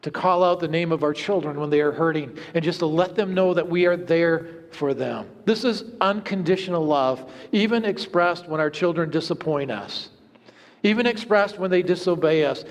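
A male pastor with a notably high voice delivers an earnest sermon. He tells stories and lets his voice sink to hushed tones for effect. The sound rings with the long reverb of a church. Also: moderate pace. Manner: earnest, storytelling with hushed low moments. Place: church sanctuary.

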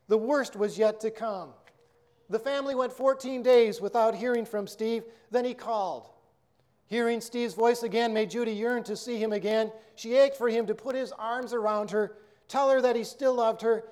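A preacher telling a story and then giving a sermon in an earnest, measured way. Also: male voice, high voice, darkish tone.

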